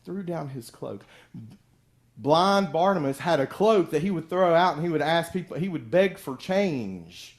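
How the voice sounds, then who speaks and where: A man's voice: fairly high pitch, animated, unhurried. Man, pastor, middle-aged, conversational sermon, acts out story voices. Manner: conversational preaching, acting out voices of people in the story.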